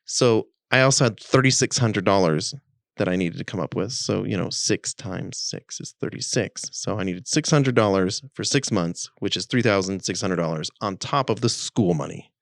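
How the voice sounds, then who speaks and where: This man's voice sits lowish and creaky, moving at normal speed as he co-hosts a podcast. Telling a story in easygoing conversation, he animatedly acts out the quotes, recorded at studio quality with no room sound.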